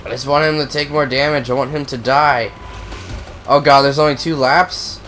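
A young man with a cold who coughs now and then, giving profane, excitable, rambling commentary on a racing game. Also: mid-range voice, normal speed, soft background music. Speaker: gaming video host. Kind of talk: casual gameplay commentary.

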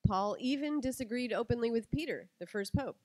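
Animated middle-aged woman giving a talk. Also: a little high, fairly quick, no echo. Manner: animated storytelling, acts out quotes. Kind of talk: lively talk to an audience.

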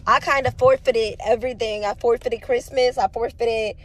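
A woman's voice: a little high, fairly even intonation, normal speed, slight background noise. A woman in her twenties talking casually to camera in a vlog, venting her frustration and sometimes tearful. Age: 20s. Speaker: vlogger.

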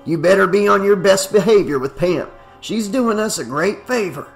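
A man's voice: sits high, animated, moderate pace, vocal fry, faint music behind, pitched above the performer's own voice. A man voicing a stern older man giving a lecture, in an audiobook reading.

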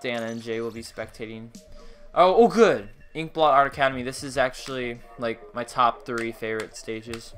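A man's voice: medium pitch, moderate pace, a bit bright, faint music behind. A young man chatting casually with his viewers while he plays, joking and rambling between matches. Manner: joking, rambling, talks to chat while playing. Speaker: gaming livestreamer. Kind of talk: casual gaming livestream chat.

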